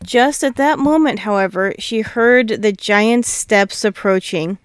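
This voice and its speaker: A woman narrating a fairy tale, reading in a measured, steady way. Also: mid-range voice, clear, resonant tone, dry recording, clean studio sound. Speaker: storyteller. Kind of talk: storybook narration.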